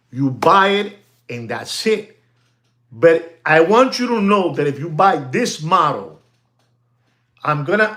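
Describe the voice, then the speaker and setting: A man hosting a watch channel livestream, ranting emphatically and repetitively, sprinkling in Spanish exclamations and sinking into low mutters. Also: a bit bright. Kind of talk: live-streamed casual rant.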